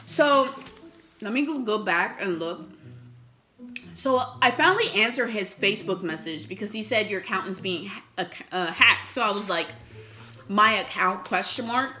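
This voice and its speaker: A young woman vlogger telling a storytime while eating, animated, swearing often and acting out the messages she got. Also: medium pitch, moderate pace, faint music behind.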